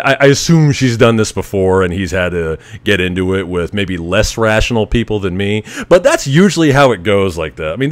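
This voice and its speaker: Give me a man telling a story on his podcast, casual and profane, with a lively, swinging delivery. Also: lowish voice, no echo. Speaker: podcast host.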